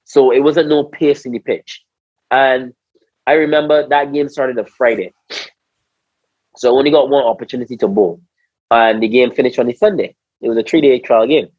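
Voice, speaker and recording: Husky Barbadian man telling stories. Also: medium pitch, normal speed, no room sound. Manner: animated, repeats words, acts out quotes, says "bro". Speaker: guest, former cricketer. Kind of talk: casual storytelling interview. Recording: slightly dull, dry podcast audio.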